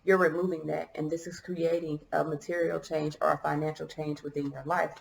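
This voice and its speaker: A woman's voice: low-pitched, flat delivery, brisk, creaky, roomy sound, low-quality recording. A woman giving a casual tarot reading to her viewers, musing and hesitant as she thinks aloud, choked up and coughing at times. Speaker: tarot reader.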